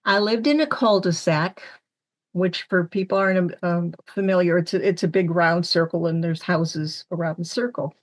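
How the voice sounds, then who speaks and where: A woman's voice: lowish voice, normal speed. A woman from the Syracuse area, a medium on a panel, telling personal stories and acting out the lines of people in them. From Syracuse, New York area. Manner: animated storyteller acting out quoted lines. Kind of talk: storytelling on a panel podcast.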